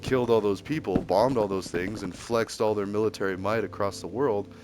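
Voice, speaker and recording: A man's voice: fairly low pitch, fairly even intonation, brisk, a little mellow. A man ranting in a casual, rambling way, heated and packed with fillers and restarts. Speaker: streamer. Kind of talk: casual rambling opinion rant. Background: music.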